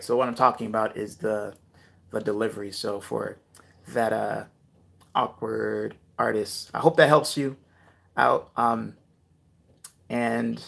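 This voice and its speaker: Casual rap coach, a man with a gravelly mid-range voice, loose and rambling as he answers viewers live. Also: medium pitch. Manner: relaxed, filler-heavy, reads viewer comments aloud.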